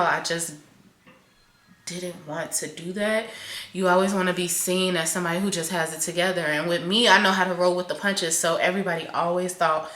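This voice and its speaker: Candid, swearing young woman venting. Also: on the low side. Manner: candid and emotional, swears often, swings from loud to soft. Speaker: vlogger. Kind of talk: raw confessional venting to camera. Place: home kitchen, in doors. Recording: echoey room.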